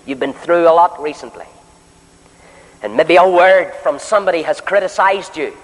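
Impassioned preacher in a reverberant hall. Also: male voice, on the high side, normal speed. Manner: impassioned, swings between loud declarations and soft pleading asides; addresses listeners directly with questions. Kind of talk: sermon. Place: meeting hall.

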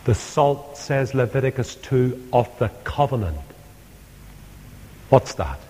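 A man preaches with passion, dropping from loud pleading to hushed asides. He speaks slowly and deliberately. His voice rings with the long reverb of a big hall. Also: mid-range voice, lively intonation, breathy edge. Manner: impassioned, swings between loud pleas and hushed asides. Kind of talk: sermon.

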